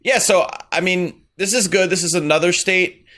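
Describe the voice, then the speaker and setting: A man co-hosting a casual crypto podcast, talking in a relaxed, rambling and joking way. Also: high voice, normal speed. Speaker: podcast co-host. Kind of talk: casual chat.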